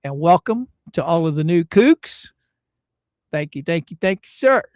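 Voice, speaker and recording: Slow, lively folksy man host. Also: a little high. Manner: folksy, drawn-out greetings and repeated phrases. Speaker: livestream host. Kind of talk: casual livestream chat greeting viewers.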